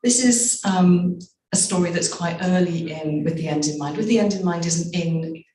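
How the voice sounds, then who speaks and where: A middle-aged woman, an author, reading aloud from her memoir and telling its stories in a measured way with slow, emphatic pauses. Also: fairly low pitch, dark tone, a little hiss or hum. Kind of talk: live reading and storytelling. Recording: echoey, distant room mic.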